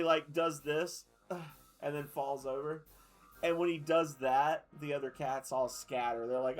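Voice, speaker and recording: A man's voice: a little high, steady tone, measured pace, faint music behind. A man streaming a game in casual chat, rambling through stories, swearing and laughing as he goes.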